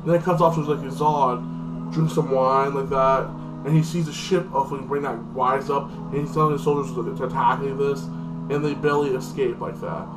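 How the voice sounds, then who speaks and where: A man rambles through a casual recap of a TV episode, stacking fillers and restarting his sentences. His voice sits back from the microphone. Loud music plays under him the whole time. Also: medium pitch, steady tone, normal speed. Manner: rambling, filler-heavy, lots of "like". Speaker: TV episode reviewer. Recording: distant mic with loud music.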